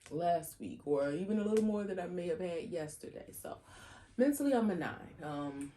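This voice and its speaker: A woman's voice: fairly low pitch, animated, normal speed, warm tone. A woman co-hosting a podcast in casual chat, talking in a reflective, easygoing way. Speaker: podcast co-hostess.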